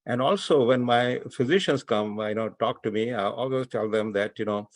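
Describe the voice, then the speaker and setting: A man with an Indian accent who teaches physicians, speaking on a webinar panel in a halting way, with many fillers and repeated words. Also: medium pitch, no echo.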